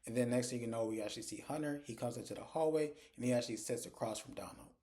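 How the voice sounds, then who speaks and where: A man's voice: medium pitch, fast talker, mellow. A young man casually recapping a TV episode as a reviewer, telling it loosely with lots of "like" fillers. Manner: casual, filler-heavy storytelling with frequent "like".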